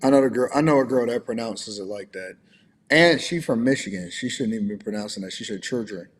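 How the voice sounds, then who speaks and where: A man's voice: medium pitch, lively intonation, fairly quick, long reverb tail. A man co-hosting a livestream, giving emphatic, opinionated commentary in a lecturing way. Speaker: livestream co-host.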